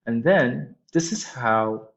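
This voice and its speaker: A man teaching an English lesson, talking slowly and patiently at a middle pitch. He repeats key phrases and fills pauses with "um". The audio is dull and lo-fi. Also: lively intonation, vocal fry. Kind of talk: slow explanatory lesson.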